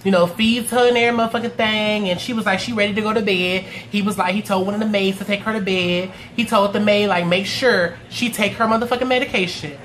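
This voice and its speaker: A woman's voice: medium pitch, quick pace, hardly any pauses. A woman recapping a TV episode in casual, profane talk, acting out the characters' lines. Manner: animated, acts out characters' lines in quotes. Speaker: TV recap reviewer.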